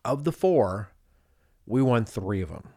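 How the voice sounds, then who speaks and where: A man's voice: mid-range voice, animated, measured pace, warm tone, no room sound, studio quality. A man in his thirties, a podcast co-host, telling a travel story in casual chat and slipping into voices of the people in it.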